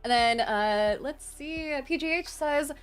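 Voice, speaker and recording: A woman's voice: high voice, unhurried, soft background music. A woman hosting a charity live stream, chatting casually and reading out her chat in a bubbly, gushing way as she thanks donors.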